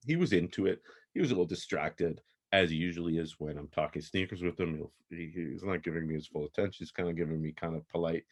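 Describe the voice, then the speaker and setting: A man in his forties talks through stories as a podcast guest, chuckling often. His voice sits very low yet swings widely up and down. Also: fairly quick. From Toronto, Canada. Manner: animated, chuckling often, restarts. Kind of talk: casual storytelling interview.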